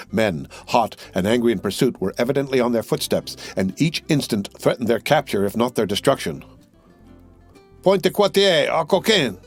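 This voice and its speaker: A man reading a classic adventure novel aloud as an audiobook narrator, in a steady, measured way. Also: on the low side, husky. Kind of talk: scripted narration.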